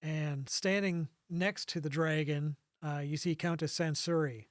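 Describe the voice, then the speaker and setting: Guy running a tabletop game, kinda high voice, stops and restarts a lot while he checks the notes. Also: fairly even intonation, no room sound, studio quality. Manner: thinking aloud with pauses and restarts. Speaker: game master. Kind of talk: describing scenes in a tabletop game.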